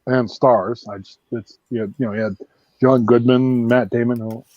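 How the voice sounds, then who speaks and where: A man's voice: mid-range voice, steady tone, normal speed, dry recording, dull audio. A Canadian man hosting a casual live-stream chat, rambling with lots of fillers and restarts. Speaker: host.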